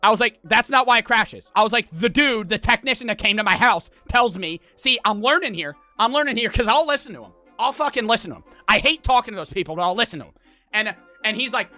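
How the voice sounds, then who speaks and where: A man streaming from his home setup tells a story-time rant to his chat in a bright, forceful voice. He swears freely and plays out both sides of the phone calls, jumping from near-shouts to low muttering. Faint music plays behind him. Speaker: live streamer.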